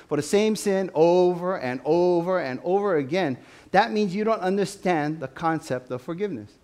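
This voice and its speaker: A man preaching a sermon to his church, with an animated style that rises to loud, emphatic questions. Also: high voice, normal speed. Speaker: pastor.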